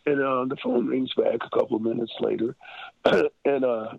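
Older guy rambling thru an old story, gravelly husky voice, sounds like a phone line. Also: mid-range voice, steady tone, normal speed, dry recording. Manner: rambling anecdotes with many fillers and restarts. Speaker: interview guest. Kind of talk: storytelling in an interview.

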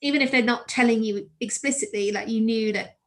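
Brief: chatty female co-host, slightly high voice, animated casual talk, frequent laughs. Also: brisk. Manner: chatty, animated, laughs often, many "like" fillers. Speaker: podcast co-host. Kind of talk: casual chat.

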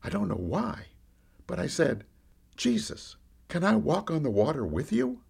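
A man's voice: on the high side, unhurried, vocal fry, breathy edge, heavily acted. A man playing a candid fisherman disciple, telling his own story in a first-person monologue. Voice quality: lively storyteller, rising and falling with the action. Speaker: podcast storyteller.

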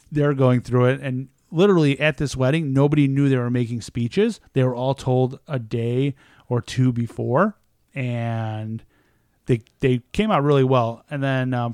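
A man's voice: medium pitch, clear, resonant tone, no room sound, clean studio sound. A young man telling a rowdy story in a casual chat, swearing freely and acting out what everyone said. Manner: profane, animated, acts out quotes.

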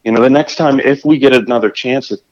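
A man telling a fishing story in a casual, animated way, often restarting his sentences. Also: medium pitch, fast talker, highs cut off. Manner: animated, acts out his own shouts and scrambles with restarts.

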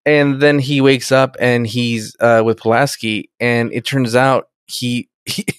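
A man's voice: medium pitch, fairly even intonation, measured pace, smooth, dry recording, studio quality. A man co-hosting a podcast, rambling through a story in a casual chat, swearing a lot and calling everyone "dude.". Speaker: podcast co-host.

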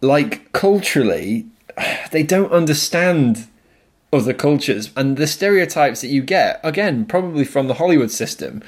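A man's voice: on the high side, animated, moderate pace, breathy edge. A man co-hosting a casual film chat, talking freely and laughing often as he pokes fun at stereotypes. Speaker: podcast co-host.

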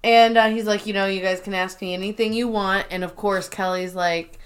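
Animated woman recapping episodes. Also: medium pitch, normal speed. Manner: animated recapping, acts out quoted lines. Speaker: podcast co-host. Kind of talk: casual chat.

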